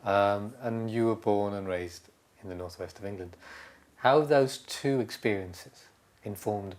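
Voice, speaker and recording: A man's voice: on the low side, unhurried, darkish tone. A man asking oral history interview questions, careful and rephrasing as he goes.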